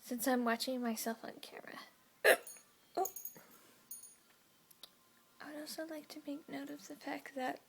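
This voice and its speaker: Whispering high-voiced woman with hiccups. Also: steady tone, fast, gravelly, hardly any pauses. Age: 20s. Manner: whispering, dry self-mocking. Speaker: vlogger. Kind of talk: late-night confessional vlog.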